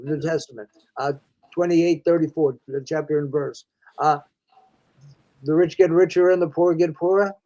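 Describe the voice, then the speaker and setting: A man's voice: on the high side, mellow, low-quality recording. Folksy older man explaining reading. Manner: folksy, addresses listener as "friend", many restarts. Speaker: reading specialist guest. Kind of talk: conversational explaining.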